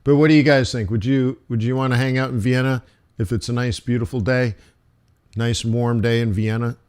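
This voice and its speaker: A man runs a live forex trading stream and talks through the week's market events in a loose, joking way. His pitch sits in the middle of the range. He speaks quickly and with lots of energy. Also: clean tone. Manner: animated, jokey, talks fast with laughs and asides.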